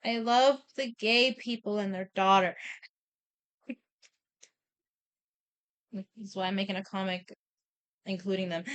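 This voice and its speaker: A woman's voice: mid-range voice, a bit bright, clean tone. A woman streamer casually retelling a story, rambling with lots of repeated "and then"s, swearing and laughing often.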